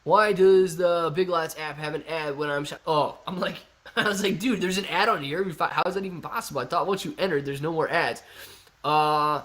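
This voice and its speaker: Laid-back male streamer, slightly high voice. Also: fairly quick, a bit bright. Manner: chatty, laid-back, says "man" and "dude" a lot. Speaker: livestream host reading chat. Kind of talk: casual live-stream chat.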